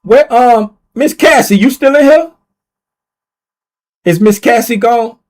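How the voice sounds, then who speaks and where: High-voiced man hosting a casual livestream. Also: slow pace, darkish tone. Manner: reads viewer names aloud and repeats himself while typing; playful, teasing. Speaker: livestream host running a giveaway.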